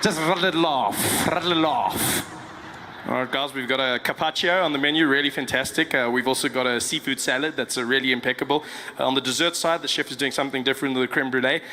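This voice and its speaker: A man performing a comedy sketch, playing a restaurant waiter and a customer by turns. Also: quick pace. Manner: plays both customer and waiter, jumping to a high, excited customer voice. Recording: noisy recording.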